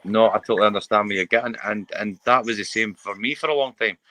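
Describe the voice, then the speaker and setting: Deep-voiced earnest Scottish man. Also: fast talker, noisy background. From Scotland. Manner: earnest, repeats words and restarts when moved. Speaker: mental health campaigner, guest. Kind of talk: candid interview talk.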